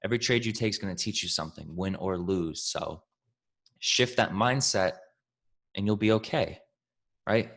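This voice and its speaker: A man's voice: deep voice, moderate pace, creaky, pauses often, fairly bright tone. A man answering questions as a trading mentor, talking in a pumped-up, profane, coach-like way and calling his listeners family and team. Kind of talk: casual Q&A talk.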